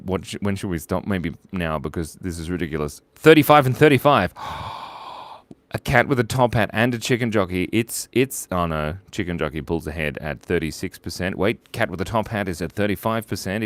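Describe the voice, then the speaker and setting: A man hosting a casual live drawing stream, playful and jokey, reading viewers' names and shout-outs aloud as he draws. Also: low voice, dry recording.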